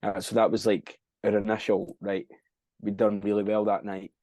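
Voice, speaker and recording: A young Scottish man with a low, mellow voice tells his story in a loose, rambling way. He swears freely and keeps losing track of dates. The sound is dry and close. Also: little pitch movement, moderate pace, no room sound. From Scotland. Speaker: band frontman, podcast guest. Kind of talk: casual interview chat.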